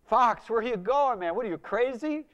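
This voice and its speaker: A preacher acting out jeering teenage party friends who shout and taunt in a high, loud voice. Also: male voice, animated, normal speed, dull audio. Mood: mocking.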